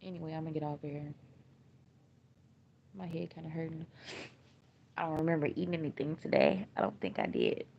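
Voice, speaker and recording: A grieving mother talking on a livestream in a raw, halting way, often repeating herself. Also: sits low, sing-song, creaky. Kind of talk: emotional casual livestream talk. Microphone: phone livestream. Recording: dull lo-fi livestream audio, faint noise.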